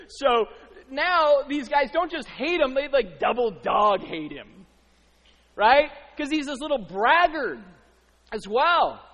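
A man preaching a sermon in a lively, conversational way, acting out the lines of the people he describes. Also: extremely high pitch, long reverb tail. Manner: animated, conversational, acts out quotes. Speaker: pastor.

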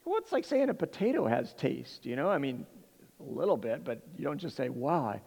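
A man's voice: medium pitch, brisk, vocal fry, in a large hall. A middle-aged man from Southern California telling a humorous personal story to an audience, rambling and restarting his sentences. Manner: rambling, self-interrupting, animated. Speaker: speaker addressing an audience.

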